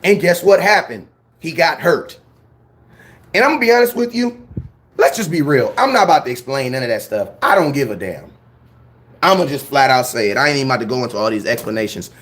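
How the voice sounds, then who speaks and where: A man hosting a sports fan channel, ranting his opinions in a blunt, slangy, animated way. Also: medium pitch, fairly quick. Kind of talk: fired-up sports opinion rant.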